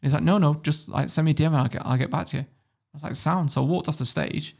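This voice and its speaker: Fast, gravelly northern English man. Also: a little high. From Warrington, England. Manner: animated storyteller, swears freely, laughs often. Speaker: podcast guest. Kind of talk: casual interview storytelling.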